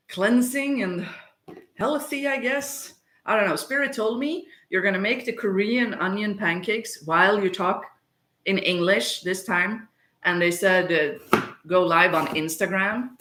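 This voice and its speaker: A woman's voice: on the low side, sharp tone. A woman, chatting casually and rambling off topic on a livestream from her home kitchen. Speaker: spiritual medium livestreaming. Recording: echoey room sound.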